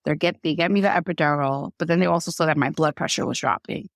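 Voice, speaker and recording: A woman's voice: deep voice, brisk, dry recording, clean studio sound. A woman in her thirties telling her own birth story on a podcast, talking casually with many fillers and acting out what others said to her. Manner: conversational, many fillers, quotes others in shifting voices. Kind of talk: emotional personal storytelling.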